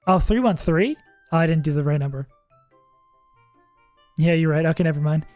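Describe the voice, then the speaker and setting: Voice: medium pitch, normal speed, a little mellow, dry recording, faint music behind. Chatty streamer thinking aloud, dry sound. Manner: thinks aloud, chatty, laughs often, swears casually. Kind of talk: casual livestream commentary while playing.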